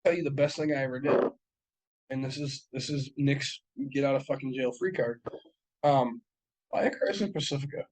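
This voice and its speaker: A man's voice: mid-range voice, a little fast, darkish tone, low-quality recording. A young man co-hosting a casual podcast chat, telling long profane stories full of fillers and laughs. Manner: profane, rambling storytelling with frequent laughs and fillers. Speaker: podcast co-host.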